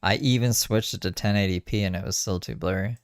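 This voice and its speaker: Low-voiced man making offhand reaction comments. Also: fairly quick, background noise. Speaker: host reacting to a stream.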